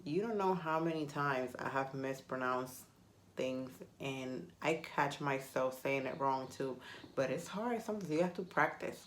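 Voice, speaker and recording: A woman's voice: a bass voice, a little slow, a little hiss or hum. A woman whose first language is Spanish, chatting casually to camera and rambling with self-mocking humor. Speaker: vlogger.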